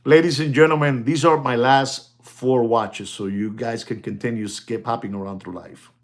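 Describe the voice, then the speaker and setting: A man hosting a casual watch sales talk, rambling and repetitive, often addressing "ladies and gentlemen" and laughing as he goes. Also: mid-range voice, steady tone, moderate pace.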